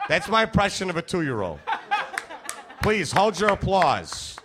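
A brash man doing stand-up comedy, crude and playful as he works the crowd. His voice is bright and forceful and sits a little high for a man. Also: big pitch swings, measured pace, pauses often.

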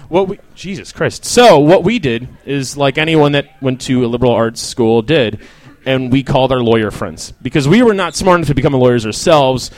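A man's voice: mid-range voice, no room sound. A young man doing a rambling, self-deprecating stand-up set, swearing and riffing with the crowd while feeling sick. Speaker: stand-up comedian.

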